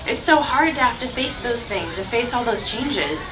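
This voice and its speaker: A young woman speaking to a crowd for a charity, her voice squeaky because she is sick, enthusiastic and heartfelt. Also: lively intonation, normal speed, over music. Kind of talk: speech to a crowd. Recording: echoey and distant in a noisy crowd. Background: crowd noise.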